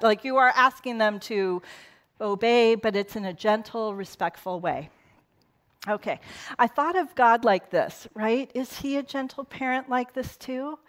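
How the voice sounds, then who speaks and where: A middle-aged woman pastor giving a casual sermon in a conversational way, with laughing asides. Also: mid-range voice. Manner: conversational, laughing asides, quotes in put-on voices.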